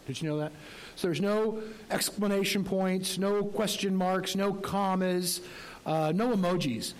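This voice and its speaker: A man's voice: sits high, poor audio. A male pastor preaching a sermon in a conversational way, with rhetorical questions and light humor.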